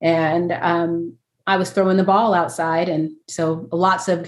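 A woman's voice: on the low side, flat delivery, a little slow, reverberant. A woman chatting casually as a guest, self-deprecating and laughing often as she talks. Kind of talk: casual chat.

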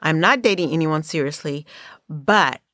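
A woman's voice: low-pitched, lively intonation, normal speed, fairly bright tone, no room sound, studio quality. A middle-aged woman from the Bay Area hosting a podcast, telling personal stories in casual, candid, profane chat. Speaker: podcast host.

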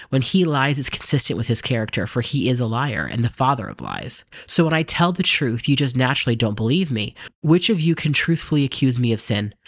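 A man voicing a calm, authoritative male teacher, in a steady, earnest scripture reading. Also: mid-range voice, no room sound, studio quality, close to an everyday voice.

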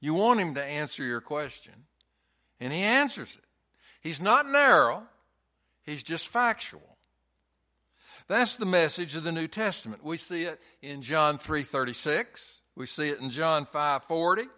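A man's voice: a little high, lively intonation, unhurried, bright, forceful tone. A man preaching a sermon in a folksy storytelling way, hammering points home with emphatic repetition.

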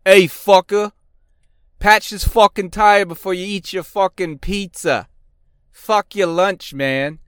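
A man putting on a loud, foul-mouthed mechanic who bullies and yells insults at coworkers. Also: high voice, steady tone, slow pace, smooth, no echo, studio quality, pitched above the performer's own voice. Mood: abusive yelling. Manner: yelling insults, bullying.

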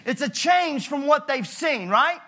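A male pastor preaching a sermon in a conversational, animated way with jokey asides. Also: very high-pitched, a little slow.

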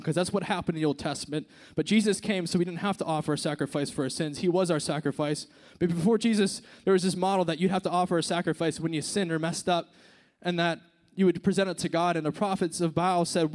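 A man preaching a casual, conversational sermon, dropping to hushed tones and rising to emphatic points. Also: fairly high pitch, fairly quick.

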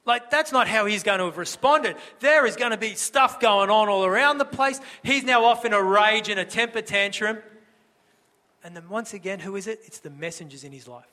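A male pastor preaching in a relaxed, conversational way and asking rhetorical questions. His voice is high and bright. It carries a long church-hall reverb. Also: moderate pace. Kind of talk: sermon.

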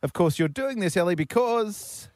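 A man's voice: high voice, animated, a little mellow, no echo, studio quality. A young man hosting a radio show, bantering and teasing his co-host and callers. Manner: joking, teasing, quick patter.

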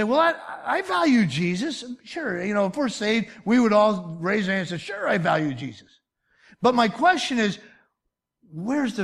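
A man in his fifties preaching a sermon as pastor, emphatic and folksy, full of rhetorical questions. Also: a little high. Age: 50s.

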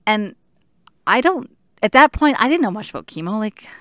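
A woman in her thirties telling her own story in an earnest, halting way, stopping to search for words. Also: medium pitch, big pitch swings, no room sound, clean studio sound. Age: 30s. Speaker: patient sharing her story. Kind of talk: personal storytelling.

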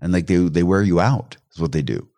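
A man's voice: low voice, fairly quick. A middle-aged man explaining personality types in casual conversation, telling stories and acting out the voices of the people he quotes. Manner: animated storyteller, acts out quoted voices; laughs while telling stories. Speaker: guest expert on personality colors.

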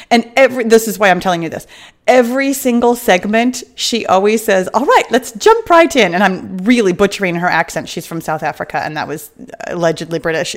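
Chatty middle-aged woman podcaster. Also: medium pitch. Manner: chatty and upbeat, laughs often, rambles off on tangents. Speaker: podcast host and weight loss coach. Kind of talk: casual podcast monologue.

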